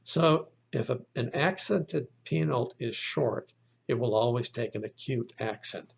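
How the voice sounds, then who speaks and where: A man's voice: mid-range voice, vocal fry, husky. A man teaching a recorded language lesson, explaining step by step and repeating each example word. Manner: slow, deliberate explaining with repeated example words. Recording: dull lo-fi recording.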